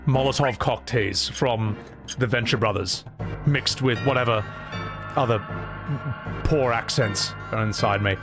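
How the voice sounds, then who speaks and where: A man's voice: mid-range voice, a little slow, long pauses. A man streaming a game and voicing its characters, chatting casually, rambling, swearing freely and joking at his own expense. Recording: loud game music behind.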